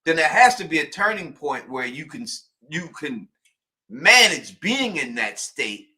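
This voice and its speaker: A man co-hosting a casual TV recap podcast, acting out characters in loud, animated bursts. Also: a little high, a little slow. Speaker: podcast co-host.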